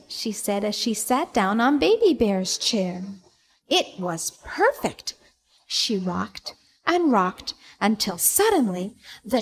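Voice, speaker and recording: Expressive woman reading a children's story. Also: medium pitch, takes it slowly. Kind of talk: audiobook narration for children.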